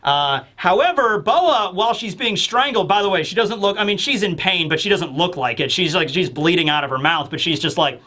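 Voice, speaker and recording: A man giving a casual comic review on video, excitable and animated, bursting into shouts. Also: high-pitched, brisk, few pauses. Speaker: manga reviewer.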